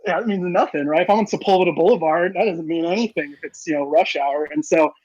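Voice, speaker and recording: A man talking fast and rambling with lots of fillers in casual podcast chat. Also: fairly high pitch, darkish tone, breathy edge, dry recording, highs cut off. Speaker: podcast co-host.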